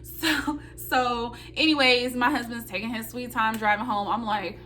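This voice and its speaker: A young woman telling a story on her vlog, animated and dramatic, talking straight to her viewers and acting out her own loud high-pitched reactions. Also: a little slow, hardly any pauses, a little hiss or hum. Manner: talks straight to viewers, calling them y'all. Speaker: nursing student vlogger.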